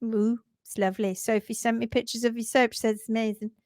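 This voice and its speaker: A woman hosting a live stream in casual chat, excitedly greeting viewers by name. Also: a little high, fast, no room sound, clean studio sound. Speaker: livestream host.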